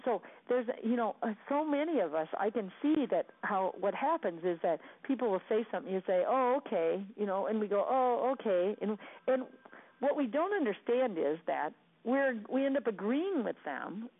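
A woman's voice: medium pitch, big pitch swings, normal speed. A woman giving an earnest, repetitive motivational coaching talk about sales conversations. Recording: tinny phone-line sound.

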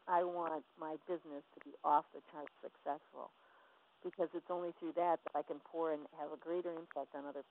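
A woman's voice: fairly low pitch, slight background noise. A woman business coach giving a passionate, emphatic motivational teaching talk. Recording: tinny phone line.

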